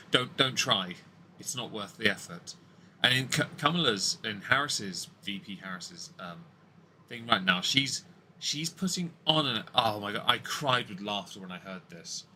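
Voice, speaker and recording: A man's voice: lowish voice, measured pace, bright, forceful tone, a little hiss or hum. A man co-hosting a casual political commentary show, blunt and opinionated, often restarting his sentences. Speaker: podcast co-host.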